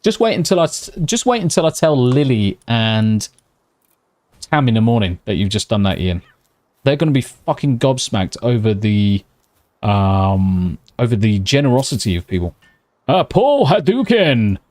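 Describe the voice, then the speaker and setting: A British man streaming live from home at night, chatting casually with viewers, swearing constantly and talking slightly quietly. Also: on the low side, expressive, moderate pace, no room sound.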